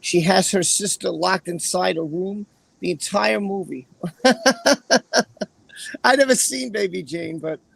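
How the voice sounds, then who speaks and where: A man's voice: sits high, measured pace, creaky, pauses often, fairly bright tone, husky, no echo. A man hosting a casual livestream, greeting chat viewers by name in a chatty way. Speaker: livestream host.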